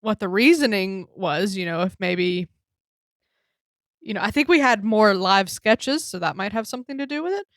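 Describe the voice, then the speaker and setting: A woman's voice: medium pitch, moderate pace, no echo, clean studio sound. A woman co-hosting a podcast, chatting casually about a comedy show and leading the segments. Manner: relaxed, laughs easily, leads the segments. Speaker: podcast co-host.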